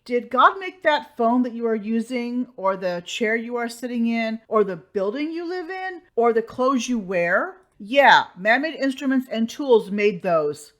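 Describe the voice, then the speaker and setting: A woman's voice: a little high, lively intonation, a little slow, few pauses. A woman hosting a commentary channel, talking in a sarcastic, exasperated reaction style.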